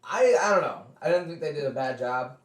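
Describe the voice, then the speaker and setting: A man's voice: fairly high pitch, lively intonation, a little fast, background noise. A man co-hosting a podcast in casual chat, laid-back and joking. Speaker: podcast co-host. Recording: roomy and distant from the mic.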